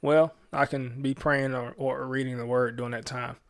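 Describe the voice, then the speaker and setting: A man hosting a radio show, talking about faith in a relaxed, slangy, conversational way with lots of fillers and restarts. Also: medium pitch, moderate pace, gravelly, smooth. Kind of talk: casual faith talk on radio.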